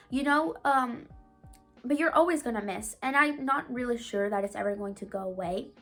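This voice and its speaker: Young woman, Spanish speaker, earnest and chatty vlogger, slightly high voice, soft music underneath. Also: normal speed. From Mexico. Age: young adult. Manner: earnest, chatty, sprinkles "like" and "you know". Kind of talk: casual advice monologue.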